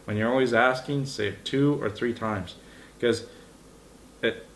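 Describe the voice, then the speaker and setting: A young man from Alberta, an auctioneer casually explaining his chant and breaking into quick rhythmic bid calls. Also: mid-range voice, a little hiss or hum. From Alberta, Canada. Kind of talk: casual tutorial.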